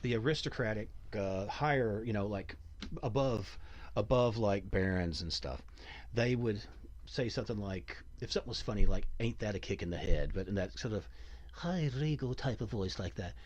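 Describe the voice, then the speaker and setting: A man with a Kentucky accent, hosting a podcast in rambling, animated casual chat. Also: fairly low pitch, moderate pace. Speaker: podcast host.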